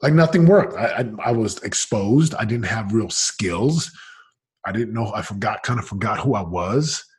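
A man's voice: fairly low pitch, expressive, normal speed, darkish tone, slightly rough. A man in his forties, a podcast guest telling his story candidly in an emphatic, casual, slangy way.

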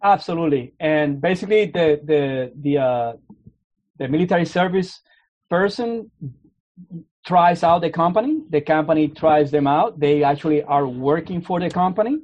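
Recorded dry and sounding dull, a man with a Canadian accent speaks at normal speed in a slightly high, darkish voice. He is an army officer appearing as a guest in an informal interview, earnest and often starting his words over.

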